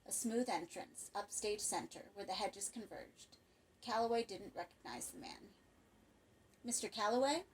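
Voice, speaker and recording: A woman narrating a horror short story as an audiobook in a measured, expressive storytelling manner. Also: medium pitch, slight background noise, low-quality recording. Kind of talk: scripted narration.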